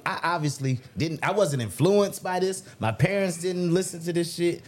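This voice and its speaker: A man's voice: sits high, moderate pace, a little mellow. A man in his forties co-hosting a casual podcast chat, laid-back and storytelling, acting out quoted voices. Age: 40s. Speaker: podcast co-host.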